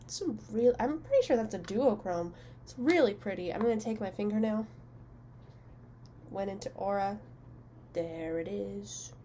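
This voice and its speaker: A young woman makeup vlogger chatting casually and telling a story while she applies eyeshadow, self-mocking and quick to laugh. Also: mid-range voice, animated, dark tone, slight background noise.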